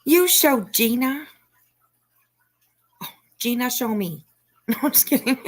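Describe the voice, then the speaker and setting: A woman's voice: a little high, expressive, slow pace, long pauses. Chatty, giggly woman live-streamer. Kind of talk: casual live-stream chat, reading comments.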